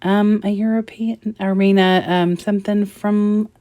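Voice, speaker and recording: A woman's voice: mid-range voice, steady tone, measured pace, dark tone, no echo. A woman hosting a scrapbooking vlog, chatting casually about her layout with lots of ums and likes. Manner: chatty, rambling with many fillers. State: getting teary near the end. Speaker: scrapbooking channel host. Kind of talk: casual crafting vlog narration.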